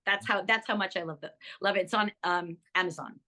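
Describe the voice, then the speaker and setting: Speaking a little fast in a mid-range voice, the older actress recounts her career with animated enthusiasm in a relaxed interview. She often restarts sentences and fills gaps with ums.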